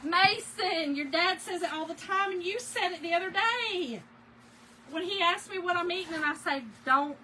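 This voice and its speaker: A woman's voice: extremely high pitch, moderate pace, sharp tone, slight background noise, poor audio. A middle-aged woman, chatting casually and laughing with live viewers while she crafts. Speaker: craft livestream host.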